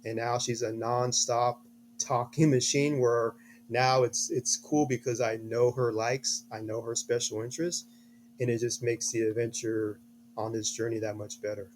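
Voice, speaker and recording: Slightly hoarse middle-aged man telling a story. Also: mid-range voice, moderate pace, a little hiss or hum. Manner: earnest, lively storyteller with restarts. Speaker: guest, a father. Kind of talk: interview storytelling.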